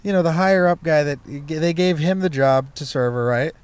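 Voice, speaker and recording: A man's voice: a little high, moderate pace, darkish tone, smooth. A young man, a stand-up comedian, telling a loose, profane story from his past in a casual chat, full of fillers like "you know" and "like". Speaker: comedian guest.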